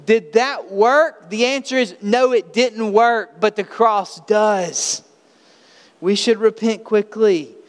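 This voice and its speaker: In a church sanctuary, a male pastor preaches emphatically, asking rhetorical question after rhetorical question. His high voice rings clearly, and the long reverb of the church hall surrounds it.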